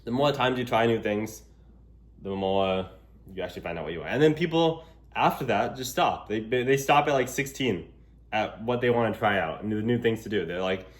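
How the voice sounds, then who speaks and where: A young vlogger with a fairly low voice talks casually at a moderate pace while walking outdoors in public. Holding a gimbal camera, he rambles on with plenty of fillers.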